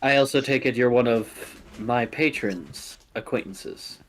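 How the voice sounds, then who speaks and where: A man voicing a polite, eerie headless gentleman who speaks in a hushed, formal, breathy way. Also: mid-range voice, unhurried, a little hiss or hum, lightly acted.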